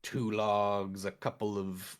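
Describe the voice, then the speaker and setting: A man as game master, describing a scene in a tabletop game with many pauses, fillers and restarts. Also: lowish voice, monotone.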